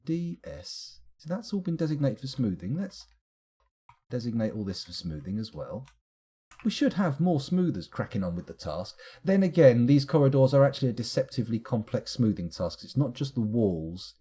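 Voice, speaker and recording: A man's voice: medium pitch, mellow, breathy edge. A man streaming a strategy game live, muttering to himself as he clicks through menus and now and then answering his chat. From United Kingdom. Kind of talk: live gameplay commentary.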